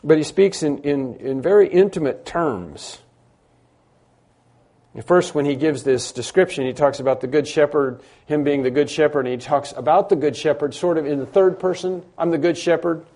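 A man's voice: a little high, moderate pace, warm tone. A man preaching a sermon, emphatic, building through repeated phrases and frequent restarts. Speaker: pastor.

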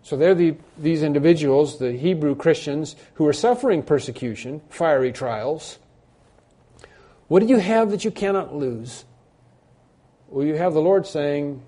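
A man's voice: on the high side, lively intonation, a little slow, mellow. A man preaching a sermon as a pastor, earnest and repeating phrases for emphasis.

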